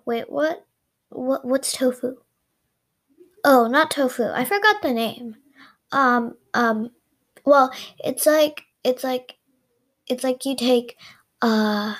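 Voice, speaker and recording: A woman telling an improvised story, rambling with restarts and asides to her listeners. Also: high voice.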